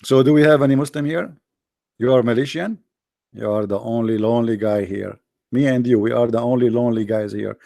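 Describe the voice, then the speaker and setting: A middle-aged man hosting a livestream, joking sarcastically and reading the chat aloud, in halting non-native English. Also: medium pitch, creaky, mellow, dry recording, clean studio sound. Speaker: livestream host. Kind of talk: casual live-chat banter.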